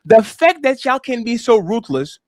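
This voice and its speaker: A man hosting a heated panel debate, animated and pushing his questions again and again. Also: very high-pitched, moderate pace, no echo. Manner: animated, repetitive, pressing questions. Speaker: host.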